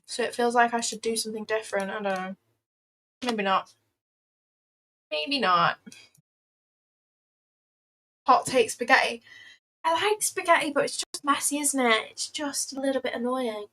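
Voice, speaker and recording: A young woman, her voice sitting a touch high for a woman. She talks in loose, playful, rambling bursts as she answers her livestream chat. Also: unhurried, long pauses, pushed and bright, a little hiss or hum, poor audio. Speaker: trading livestreamer.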